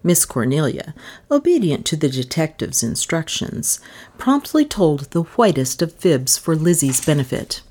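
A woman narrating an audiobook in a low voice with lively, rolling intonation. Her storytelling is expressive and steady. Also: unhurried. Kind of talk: scripted narration.

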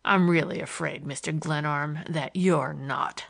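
A sly Western rogue with a slow, broad drawl, put on by a woman reading the story. The voice sits lower and darker than her own. He sounds cool and mocking, never rattled. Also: steady tone, vocal fry, fairly bright tone, full character voice. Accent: broad Western American drawl.

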